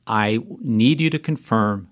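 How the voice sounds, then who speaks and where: A man's voice: fairly low pitch, measured pace. A man hosting an interview, asking short questions and giving brief, attentive replies. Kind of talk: casual interview.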